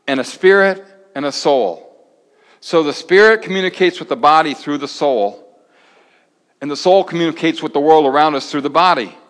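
An older man, a pastor, preaching a sermon to a gathered congregation in a conversational way, rising to emphatic lines and dropping to soft ones. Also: medium pitch. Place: large church hall. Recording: long reverb of a large hall.

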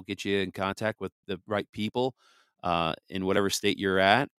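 Raspy low-voiced podcast guy, hoarse, folksy and fired up, dry close sound. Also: steady tone, moderate pace, a bit bright, dry recording. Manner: fervent, folksy, laughs often. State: hoarse from illness. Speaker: podcast host. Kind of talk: casual podcast talk with prayer. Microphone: headphones and studio mic.

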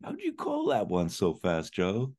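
A man's voice: fairly low pitch, huge pitch swings, a little slow, darkish tone, pitched above the performer's own voice, exaggerated voice. A man reading the lines of a wisecracking male detective who used to play football, in a teasing, jokey way.

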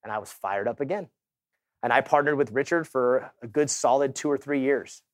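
A man's voice: medium pitch, moderate pace, no room sound, studio quality. A middle-aged man giving a motivational conference talk, telling his story casually with quoted dialogue and asides to the audience. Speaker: keynote speaker. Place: conference stage.

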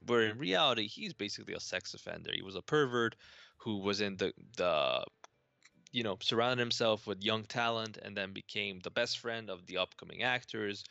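A man's voice: on the low side, lively intonation, moderate pace, creaky, sharp tone, no room sound, muffled recording. A man co-hosting a casual podcast discussion over a video call, blunt and wry, with a profane edge. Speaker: podcast co-host.

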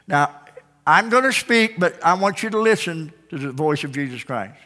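Emphatic preacher in a ringing church hall. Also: male voice, fairly high pitch, normal speed. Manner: emphatic, repetitive, swinging between loud calls and hushed endings. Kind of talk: revival sermon. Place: church sanctuary with congregation. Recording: long church-hall reverb.

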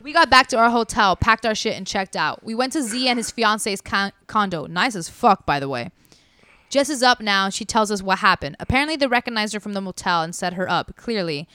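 A woman's voice: medium pitch, fairly quick, clear, resonant tone, dry recording. A woman telling a story casually and animatedly, acting out what people said. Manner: animated, acts out quotes. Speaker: podcast storyteller.

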